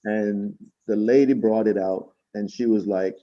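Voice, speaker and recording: A man's voice: on the low side, unhurried. Chatty Jamaican-born man on a call. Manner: chatty, animated, quotes people in raised voices. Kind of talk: casual storytelling on a video call. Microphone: video call. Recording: dull lo-fi call audio.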